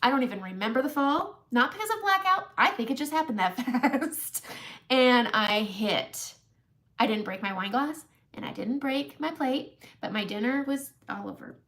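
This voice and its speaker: A woman's voice: high-pitched, expressive, normal speed, fairly bright tone. A woman in her forties telling a long funny story on a makeup live stream, often laughing at herself. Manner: chatty, laughing, self-mocking storyteller. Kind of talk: casual storytelling chat.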